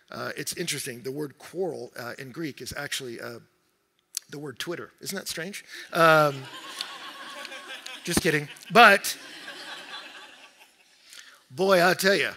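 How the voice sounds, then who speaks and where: Bright, animated male pastor preaching. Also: fairly high pitch. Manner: animated, acts out quoted voices and jokes. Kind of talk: sermon. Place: large church hall. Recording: hall reverb.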